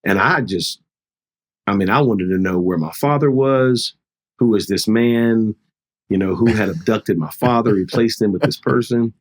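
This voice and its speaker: Earnest, low-voiced middle-aged pastor. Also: male voice, normal speed. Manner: earnest, heartfelt, re-enacts dialogue. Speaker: pastor, guest. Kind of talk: conversational storytelling.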